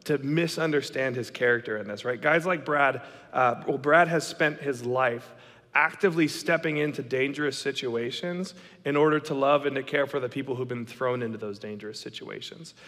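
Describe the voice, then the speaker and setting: A man in his thirties telling a story to an audience, animated and dramatic, acting out the lines of the people in it. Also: medium pitch, moderate pace. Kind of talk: storytelling talk. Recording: long reverb of a hall.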